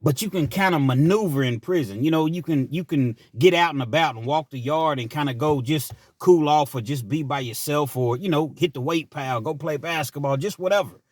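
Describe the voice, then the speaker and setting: A man's voice: fairly high pitch, brisk, few pauses, no room sound, studio quality. A man hosting his own channel, telling a personal story in a chatty, rambling way with asides. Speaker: channel host. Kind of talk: casual storytelling monologue.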